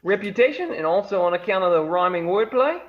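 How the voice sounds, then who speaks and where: A man doing a cocky bad-boy rogue, laid-back and a bit high, for a tabletop game. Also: lively intonation, brisk, dull audio, crowd noise. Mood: swaggering. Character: cocky young male rogue, boastful.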